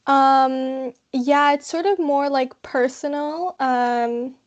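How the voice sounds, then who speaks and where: High-voiced, hesitant young woman guest. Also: fairly even intonation, highs cut off. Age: young adult. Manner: hesitant, halting with many pauses. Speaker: guest, university psychology student. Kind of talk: casual interview answers.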